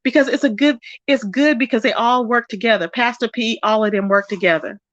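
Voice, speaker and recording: A woman hosting a casual livestream, gossiping and reading out chat comments in an animated way. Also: fairly quick, dry recording, dull audio. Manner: animated, quotes people with rising pitch. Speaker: livestream host.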